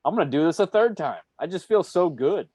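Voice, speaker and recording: A man's voice: on the high side, animated, a little fast, warm tone. A man co-hosting a casual soccer podcast, enthusiastic and laughing often. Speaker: podcast co-host. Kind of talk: casual chat.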